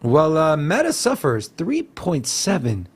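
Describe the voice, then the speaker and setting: A man co-hosting a casual crypto news show, talking in an animated, slangy way full of "like" and "bro". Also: fairly high pitch, a little slow, slightly rough. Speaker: co-host.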